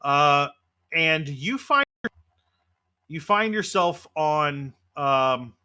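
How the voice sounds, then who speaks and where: A male game master narrates a tabletop role-playing game in a loose, casual way, full of fillers. His voice is bright and sits slightly high. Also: expressive, drawn-out words, smooth.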